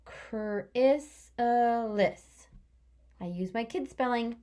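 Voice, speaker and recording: Slow sing-song teacher woman. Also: mid-range voice, lively intonation. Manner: slow, sing-song, stretches out words sound by sound; cheerful, praising, speaks to children as friends. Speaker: kindergarten teacher. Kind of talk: remote lesson for young children.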